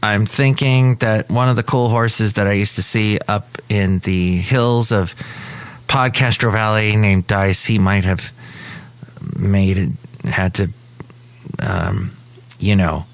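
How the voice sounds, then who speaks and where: A man's voice: lowish voice, steady tone, slow pace, no echo. A man from California hosting a comedic podcast from a café, rambling and correcting himself as he talks. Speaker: podcast host. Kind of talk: casual comedic podcast chat.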